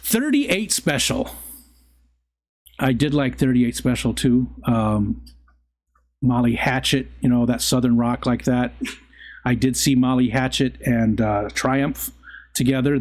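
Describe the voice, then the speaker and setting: A middle-aged man chats casually on a live stream in an easygoing, unhurried voice of ordinary pitch. He rambles from one thought to the next, often stopping to restart a sentence before carrying on. His talk stays relaxed and conversational throughout. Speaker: livestream host reading chat. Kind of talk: casual chat.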